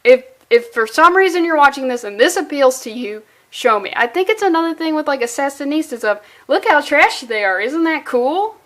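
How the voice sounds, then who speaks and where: A woman's voice: sits high, lively intonation, a little fast, hardly any pauses, a bit bright. A woman reviewing a comic book in a sarcastic, exasperated way, swearing freely and using valley-girl phrasing.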